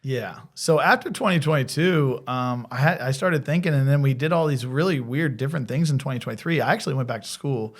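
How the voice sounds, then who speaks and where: A man with an American accent, a college athletic director and former softball coach, telling stories in a casual interview and acting out the quoted lines. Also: medium pitch, brisk, hardly any pauses. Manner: animated storyteller, acts out quoted dialogue.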